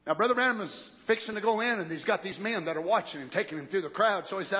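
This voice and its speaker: A man preaching a sermon, telling a story in folksy rural grammar and rising to shouted questions. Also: high voice, lively intonation, quick pace, few pauses, husky. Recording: echoey hall, muffled old recording.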